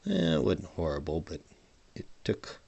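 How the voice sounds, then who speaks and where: A man's voice: deep voice, wildly swooping pitch, a little slow, gravelly, a little mellow, husky, muffled recording. A man narrating his hardware soldering as he works, mumbling and trailing off mid-thought, at a home workbench, leaning in and out from a desk microphone. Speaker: hobbyist modder. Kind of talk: casual narration while soldering.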